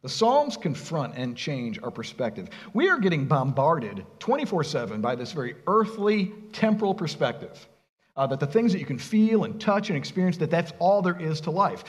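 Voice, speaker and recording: Male pastor, sermon, conversational, rhetorical questions, very lively intonation, long hall reverb. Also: on the high side, fairly quick.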